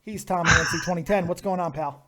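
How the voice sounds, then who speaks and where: A man's voice: high voice, steady tone, quick pace, very noisy. A man hosting a casual live call-in show, joking and swearing, at times mock-soothing. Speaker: host. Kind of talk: casual live podcast banter.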